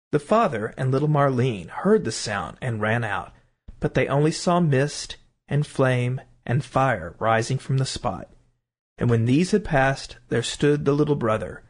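A man reading a fairy tale aloud as storyteller, in an expressive, melodic way. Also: mid-range voice.

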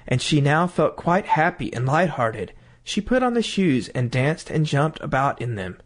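A man reads a fairy tale aloud, storybook style. His voice sits a little high, and it rises and falls in wide, melodic sweeps. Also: unhurried, few pauses. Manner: expressive, melodic reading.

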